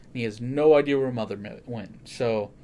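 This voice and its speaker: A man hosting a casual horror podcast. He talks in an excitable way, swears freely and often corrects himself mid-sentence. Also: mid-range voice, moderate pace. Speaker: podcast host.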